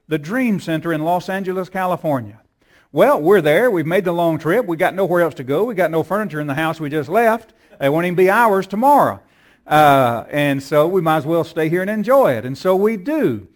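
A man with a drawl preaching from the pulpit, his voice sitting high for a man. He tells his story in looping, repeated phrases and climbs to emphatic peaks. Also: animated, fairly quick. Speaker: pastor. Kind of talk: sermon.

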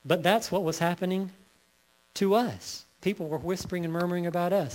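A male pastor preaching a sermon, reading scripture slowly and building to emphatic peaks. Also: high voice, fairly even intonation, a little mellow.

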